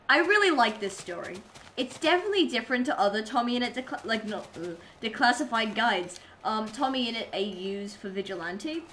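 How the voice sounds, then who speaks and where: Excitable young woman rambling on stream. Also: fairly high pitch, slight background noise. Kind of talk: casual chat while gaming. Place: home streaming setup.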